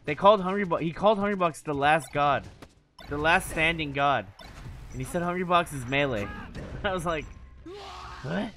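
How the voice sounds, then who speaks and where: A man's voice: a little high, moderate pace. A man chatting casually with his stream chat, cursing freely and laughing often. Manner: animated, profane, laughs often. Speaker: gaming streamer.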